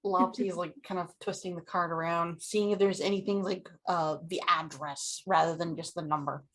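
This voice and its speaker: A woman's voice: lowish voice, steady tone, normal speed, fairly bright tone. A woman player in a tabletop game, describing her character's actions in the third person.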